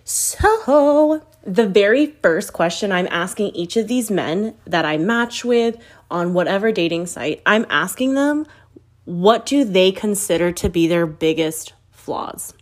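A woman's voice: fairly low pitch, lively intonation, unhurried. A woman in her thirties telling candid dating stories in a brash, profane, blunt way, acting out her own past words. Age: 30s. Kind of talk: candid storytelling chat.

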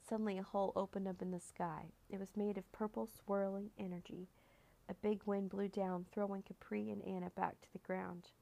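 A woman reading a children's chapter book aloud in a clear, measured storytelling manner. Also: medium pitch, flat delivery, mellow.

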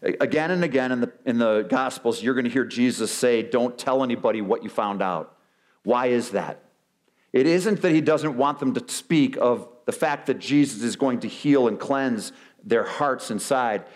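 A male pastor preaching a sermon, animated, acting out quoted excuses with big swings in his voice. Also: mid-range voice, moderate pace. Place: church sanctuary.

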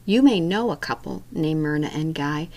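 Woman calmly introducing her story. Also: low voice, moderate pace. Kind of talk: spoken introduction.

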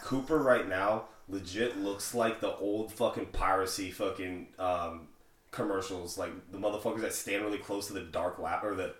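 A man's voice: low voice, steady tone, normal speed, roomy sound. A man telling crude stories in casual podcast banter, swearing and saying "bro" constantly, in a dim room at home. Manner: profane, storytelling, says bro constantly. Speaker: podcast guest.

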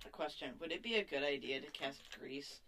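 A man with a somewhat high voice plays in a tabletop game, answering briefly and plainly. He mostly offers short replies and the odd rules question, with faint noise behind him. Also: a little fast, sharp tone. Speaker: player. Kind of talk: casual chat at a tabletop game.

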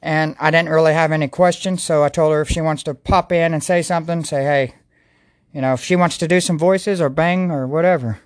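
A man's voice: a little high, steady tone, brisk, dry recording, clean studio sound. A man hosting a casual faith podcast, talking in an earnest, rambling way with many restarts and praying aloud. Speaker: podcast host.

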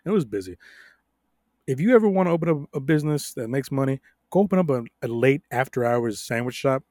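A young adult man tells rambling stories on a casual podcast. He swears freely, laughs often and gets loud and animated. His middle-pitched voice is recorded close up on a dry mic. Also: fast, dry recording. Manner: profane, animated storytelling with laughs. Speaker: podcast co-host.

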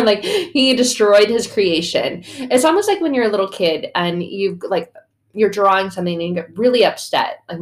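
A woman and mother hosting a casual faith talk, chatty and slangy, with some swearing. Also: fairly high pitch. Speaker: faith podcast host.

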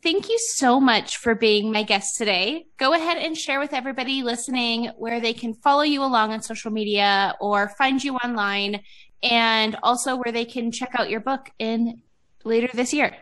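Chatty higher-voiced woman host in her thirties. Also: normal speed, a bit bright. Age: 30s. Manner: chatty, laughs often, lots of "like". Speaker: podcast host. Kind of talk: casual chat.

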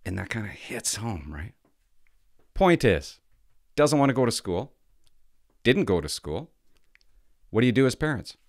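Animated dad ranting casually. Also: male voice, lowish voice, a little slow, pauses often, no room sound, clean studio sound. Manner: ranting storytelling, rhetorical questions, swearing. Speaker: father. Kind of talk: casual chat.

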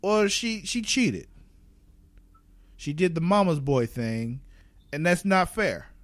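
Animated, laughing man chatting on a podcast. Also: sits high, slow, no echo. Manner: animated, laughs often, swears freely. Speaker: podcast co-host. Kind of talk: casual chat.

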